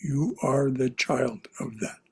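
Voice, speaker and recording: A man teaching a spiritual class in a slow, reflective way, often repeating his phrases softly. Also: mid-range voice, vocal fry, slightly rough. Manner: repeats phrases, soft and contemplative.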